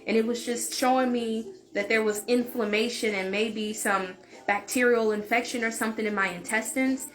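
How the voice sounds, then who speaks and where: A woman's voice: on the high side, steady tone, moderate pace, fairly bright tone, soft background music. A woman vlogger telling a personal story in a casual, open way, often saying "like". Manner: chatty, open, fills speech with "like".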